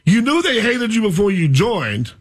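A man hosting a radio talk show, rambling and animated as he tells stories. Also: sits high, moderate pace, slightly rough. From Florida. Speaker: radio host.

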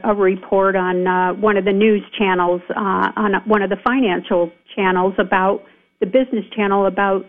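Call-in guest: woman supervisor, emphatic and indignant, tinny phone-line sound, mid-range pitch. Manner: emphatic, indignant, many fillers. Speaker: county supervisor calling in. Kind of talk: radio call-in interview. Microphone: telephone.

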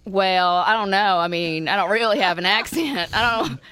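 A woman's voice: mid-range voice, normal speed, clear, resonant tone, dry recording. A woman from Alabama with a Southern accent, a news anchor chatting as a podcast guest, telling stories with frequent giggles. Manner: giggly, animated storyteller. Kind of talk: casual podcast chat.

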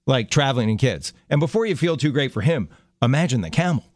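A man's voice: mid-range voice, lively intonation, quick pace, no echo, clean studio sound. A middle-aged man co-hosting a casual chat show, telling stories in a chatty way with light laughs. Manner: chatty storyteller, light laughs, frequent restarts. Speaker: co-host.

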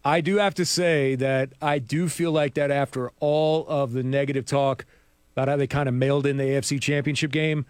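In a radio studio, a man co-hosts a sports talk show, chatting casually with rambling asides and laughing often. His voice is medium-pitched, with no echo.

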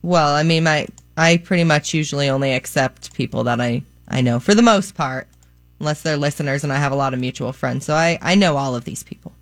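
A woman's voice: sits low, a little fast, no room sound. A woman from Florida co-hosting a morning radio show, friendly and modest in her chat. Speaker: radio co-host. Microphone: studio microphone.

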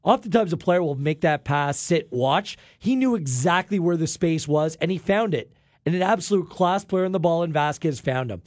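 A man's voice: a little high, lively intonation, normal speed, a little mellow, no room sound, studio quality. Upbeat male sports show host. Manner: enthusiastic, upbeat. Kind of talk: studio sports analysis chat.

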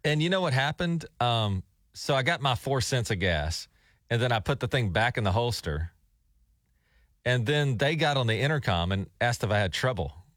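A man co-hosting a morning radio show, talking through a story with a lively, swooping delivery and the odd chuckle. His voice sits in a middle register. The studio mic sounds dry and close. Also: medium pitch, moderate pace, dry recording. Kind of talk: casual radio banter. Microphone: studio microphone.

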